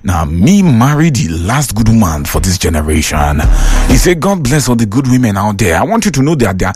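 A man with a Nigerian accent, hosting a call-in radio show, talking in a lively, preachy way as he reads listener messages. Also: on the low side, brisk, soft background music. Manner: lively, preachy, mixes Pidgin and English.

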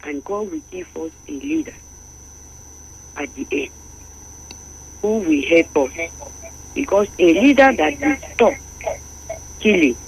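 Woman calling a radio show, earnest and prayerful, lively up-and-down voice, faint hiss on the line. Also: on the low side, slow, pauses often, poor audio. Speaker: caller. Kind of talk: phone-in call.

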